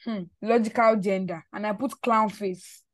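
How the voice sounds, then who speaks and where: A woman hosting a casual podcast chat, animated and repeating words as she builds her point. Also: mid-range voice, normal speed, no room sound. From Nigeria. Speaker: podcast host.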